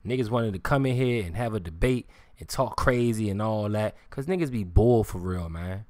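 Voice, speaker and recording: With a darkish, lowish voice at a moderate pace, a streamer launches into a heated, cursing rant, repeating himself and hounding viewers with questions like "you hear me."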